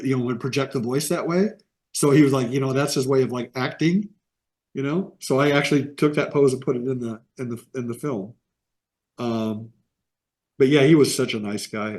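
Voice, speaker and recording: A man's voice: medium pitch, darkish tone. Chatty midwestern man telling stories. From American Midwest. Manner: rambling anecdotes with quoted voices. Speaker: interview guest, animation artist. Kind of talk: casual storytelling interview.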